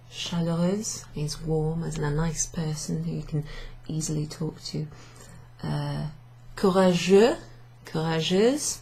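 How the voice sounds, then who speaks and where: A woman's voice: low-pitched, gravelly, a little mellow, slightly rough. A British woman teaching a beginners' French class, explaining step by step with patience. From Britain. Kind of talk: classroom lesson. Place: room in a pub.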